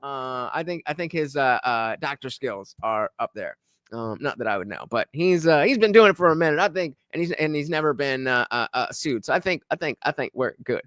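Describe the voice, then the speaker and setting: A man reacting to a podcast on a live stream, chatting casually and loudly shouting out donors. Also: medium pitch, brisk, no room sound, studio quality. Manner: loud animated shout-outs to donors.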